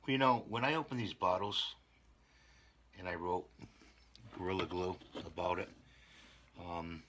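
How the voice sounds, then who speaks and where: A man's voice: sits low, steady tone, a little slow, pauses often, fairly bright tone, a little hiss or hum. A man hosting a casual hobby repair vlog, rambling and talking to himself as he glues models together. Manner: rambling, talks to himself while gluing. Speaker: channel host repairing models.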